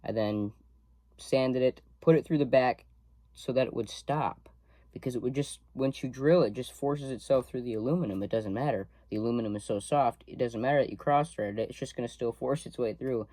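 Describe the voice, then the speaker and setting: A man's voice: mid-range voice, brisk, dark tone, no room sound. A young man in a workshop, casually explaining each step as he works, recorded on a camera mic. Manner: talks through each step while working. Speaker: student demonstrating a workshop task. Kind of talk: casual hands-on demonstration.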